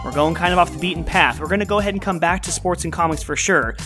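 A man's voice: a little high, fast talker. Easygoing male host over music. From Newark, California. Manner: easygoing, casual. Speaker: podcast host. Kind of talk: show introduction.

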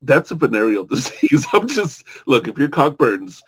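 Guy hosting a podcast, husky voice that swings all over, laughs a lot, swears, jokey. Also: medium pitch, big pitch swings, moderate pace. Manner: laughs often, swears freely, joking. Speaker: podcast host. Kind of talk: casual chat.

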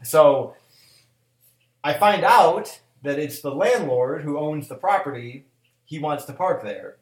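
A man's voice: on the high side, expressive, slow pace, echoey room. A man in his thirties, a cook, telling a story in casual chat, swearing freely and acting out both sides of an argument. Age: 30s.

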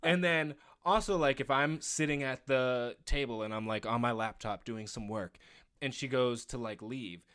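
A man co-hosting a casual chat show, telling laid-back anecdotes and mimicking others in a flat, low voice. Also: moderate pace, clear, resonant tone. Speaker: podcast co-host.

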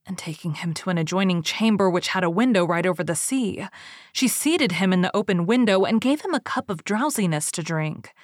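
Woman storyteller, low voice, measured folk-tale reading, dry close sound. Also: animated, no echo.

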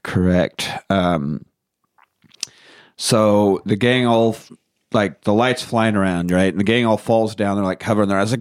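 A man's voice: fairly low pitch, unhurried. A man co-hosting a podcast, casually retelling a movie's plot and swearing freely as he goes. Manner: swears freely, acts out characters' lines. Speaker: podcast co-host. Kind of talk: casual movie recap chat.

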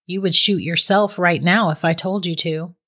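A woman voicing a calm, teasing witch who holds a young man captive, speaking matter-of-factly in a storybook reading. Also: lowish voice, normal speed. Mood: cool, teasing. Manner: calm, matter-of-fact and mocking. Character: cold, teasing middle-aged female witch captor.

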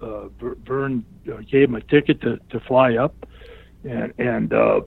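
A man's voice: medium pitch, moderate pace, gravelly, husky, dry recording. Older man telling stories over a tinny line. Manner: animated storyteller who acts out other people's lines in raised voices. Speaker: guest, retired pro wrestler. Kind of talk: anecdotal storytelling interview. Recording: tinny phone-line sound.

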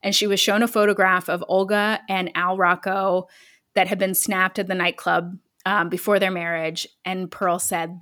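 A woman co-hosting a podcast, casually retelling a story with chatty asides and quick self-corrections. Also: mid-range voice, flat delivery, fairly bright tone. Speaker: podcast co-host.

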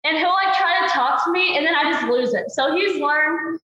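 A woman's voice: high-pitched, moderate pace, bright, forceful tone. A young adult woman racer answering interview questions in a chatty way, full of "like" fillers. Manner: chatty, filler-heavy with constant "like". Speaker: ATV racer. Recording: very echoey, dull lo-fi sound.

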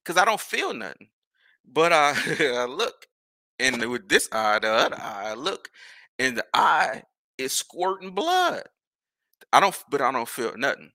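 Gravelly, animated New man. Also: medium pitch, a little slow, no echo, studio quality. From New Orleans. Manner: rambling, animated, profane storytelling. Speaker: podcast host. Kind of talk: casual storytelling.

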